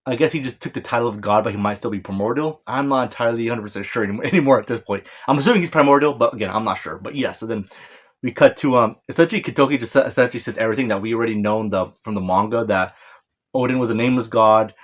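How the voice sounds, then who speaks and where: A man's voice: mid-range voice, quick pace. A man giving a casual, rambling manga chapter breakdown, stumbling over names, correcting himself and apologizing with a chuckle. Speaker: manga reviewer.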